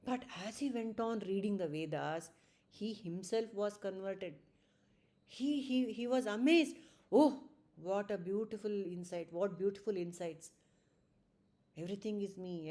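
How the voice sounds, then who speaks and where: A woman leads a scripture study group, talking in a relaxed, conversational way. She scatters fillers and checks in with her listeners as she explains. Her voice sits at an ordinary middle pitch. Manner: conversational, with tag questions and fillers. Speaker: Gita study circle teacher. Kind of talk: spiritual lesson to a study group.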